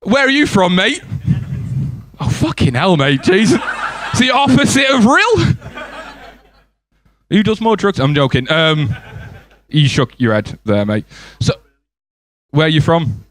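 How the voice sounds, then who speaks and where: A man's voice: a little high, lively intonation, unhurried. A man in his twenties with an English accent, performing a stand-up comedy set and bantering with the crowd. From England. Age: 20s. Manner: banters with the crowd, acts out voices in stories. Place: comedy club stage.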